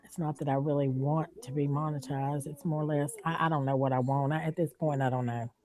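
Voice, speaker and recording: A woman's voice: low voice, fairly even intonation, fairly quick, darkish tone. A woman with a Southern accent, hosting a casual livestream chat from home, talking in a loose, drawling way and laughing often. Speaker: livestream host.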